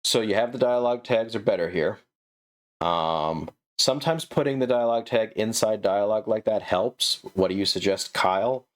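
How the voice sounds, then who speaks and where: Low-voiced man, snarky manuscript critic, chuckles and restarts constantly. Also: normal speed. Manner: sarcastic, laughs often, stammers and restarts. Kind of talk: comedic writing critique.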